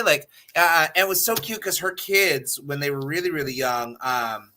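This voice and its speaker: Bright, chatty man with faint noise. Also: fairly high pitch, normal speed. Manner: chatty, lots of fillers and repeats. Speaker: podcast co-host. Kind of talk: casual chat.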